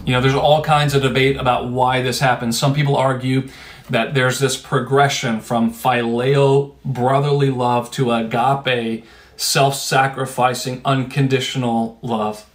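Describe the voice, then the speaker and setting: A man's voice: mid-range voice, little pitch movement, a little slow. A man preaching a sermon in a conversational, emphatic way, with rhetorical asides to his listeners.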